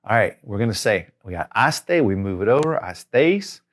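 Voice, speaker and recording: A man's voice: lowish voice, sing-song, moderate pace. A man teaching a Spanish grammar lesson, upbeat and encouraging, talking straight to the learner. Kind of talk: lively classroom lesson.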